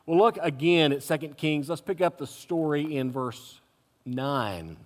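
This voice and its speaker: In an echoey hall, a man with a fairly high voice preaches an expository sermon, dramatically retelling a scripture story and dropping in wry, funny asides. His intonation is lively and his pace unhurried.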